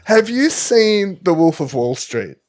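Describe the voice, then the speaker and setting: A man's voice: sits high, sing-song, measured pace, darkish tone. A man co-hosting a comedy podcast, retelling a story in a rambling, jokey way full of fillers and restarts. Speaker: podcast co-host. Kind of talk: comic storytelling chat.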